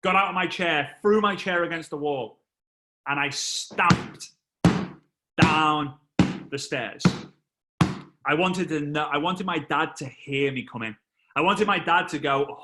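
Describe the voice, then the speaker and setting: A man, a motivational speaker telling a story on stage, animated and acting out voices and sound effects. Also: a little high, measured pace.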